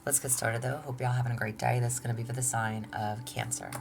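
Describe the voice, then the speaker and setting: A woman's voice: rumbling low, steady tone, quick pace, creaky, noisy background. A woman hosting a casual tarot reading from home, chatty, laughing often and saying y'all. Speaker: tarot reader, channel host.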